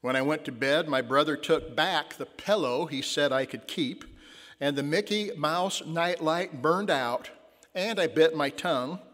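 A man voicing a whiny seven-year-old boy who is fed up with his day, reading his complaints in a slowed, drawn-out way. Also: fairly high pitch, a bit bright. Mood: complaining. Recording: long church reverb.

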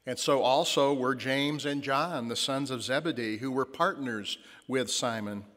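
A man preaching a sermon as pastor, telling stories and slowing down to stress key lines. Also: mid-range voice, a bit bright. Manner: storytelling, slows for emphasis. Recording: long church reverb.

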